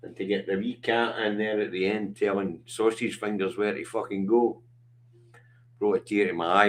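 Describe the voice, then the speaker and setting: Blunt, low-voiced Scottish man. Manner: blunt, sweary, passionate. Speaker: livestream host. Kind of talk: casual chat.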